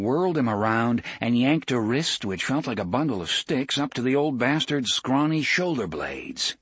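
A man narrating a story in an expressive storytelling manner. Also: medium pitch, measured pace, few pauses, husky, no echo. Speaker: audiobook narrator. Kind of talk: scripted narration.

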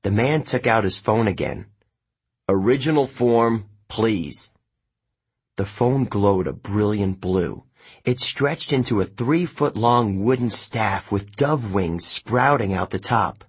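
Male narrator for an audiobook, low husky voice, measured delivery. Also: lively intonation.

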